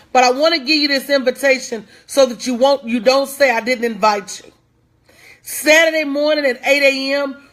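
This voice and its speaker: A woman's voice: sits high, fairly bright tone. A woman giving a live-stream motivational talk, preaching with lots of repetition, urging viewers to respond and greeting them by name in a casual, folksy way. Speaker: motivational speaker.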